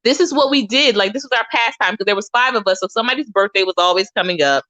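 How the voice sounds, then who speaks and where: Bright, chatty woman streamer. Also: medium pitch, expressive, fast, no echo. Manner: chatty, repeats phrases, says y'all. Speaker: livestream host. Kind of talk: casual livestream chat.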